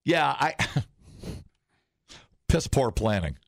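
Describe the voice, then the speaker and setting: A man co-hosting a podcast, chatting casually in a rambling, halting, self-mocking way. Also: mid-range voice, big pitch swings, gravelly, no room sound, studio quality. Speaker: podcast co-host. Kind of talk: casual chat.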